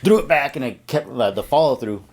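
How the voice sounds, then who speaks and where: A man's voice: medium pitch, expressive, fairly quick, a little mellow, a little hiss or hum. A man as a podcast guest, talking in a laid-back casual way and swearing freely.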